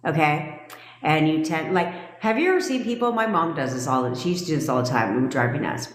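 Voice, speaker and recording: Woman, lower-pitched, blunt and profane live-stream coach, laughs easily, echoey room. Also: animated, fast, slight background noise. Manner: reads and answers viewer comments. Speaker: manifestation coach. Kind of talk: casual livestream chat.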